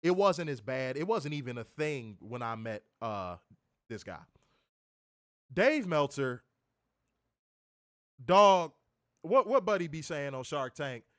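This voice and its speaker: A man's voice: on the high side, sing-song, slow, pauses often, fairly bright tone, no echo, clean studio sound. A man co-hosting a wrestling review show, ranting in casual, profane talk and repeating words as he gets heated. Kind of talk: casual podcast rant.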